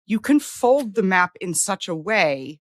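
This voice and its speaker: A woman's voice: medium pitch, very animated, a little slow, no room sound, clean studio sound. A woman co-hosting a TV rewatch podcast, chatting casually in an emphatic, self-mocking way. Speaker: podcast co-host. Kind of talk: casual chat.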